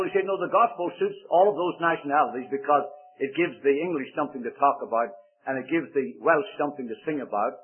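An older man from Belfast with a Northern Irish accent, preaching a sermon to a congregation in a fast, emphatic way and joking with his listeners. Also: a little high, breathy edge. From Belfast, Northern Ireland. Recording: tinny, phone-like lo-fi recording.

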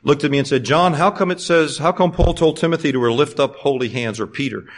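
Preaching in a fairly high, brisk voice, this middle-aged man alternates fervent, loud exhortation with softer, conversational stories.

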